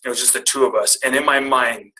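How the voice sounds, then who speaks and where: A middle-aged man with a bright, forward tone tells a personal story in a candid, self-deprecating way. He builds it toward a motivational point, speaking at an even, medium pitch. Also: quick pace, low-quality recording. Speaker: guest speaker. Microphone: call audio.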